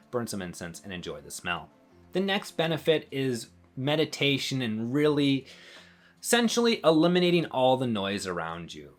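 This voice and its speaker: A man talking casually to camera in a relaxed, rambling way, with many fillers and small laughs. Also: mid-range voice. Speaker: channel host.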